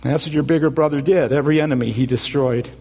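A man's voice: on the high side, fairly even intonation, fast talker, darkish tone, in a large hall. A man preaching a sermon as pastor, earnest and repeating words as he builds up.

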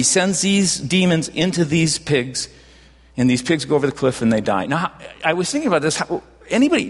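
Guy pastor preaching, storyteller vibe, kinda high voice, church reverb. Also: slightly rough. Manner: storytelling, swings from loud emphasis to hushed near-whisper. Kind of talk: sermon. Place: church sanctuary.

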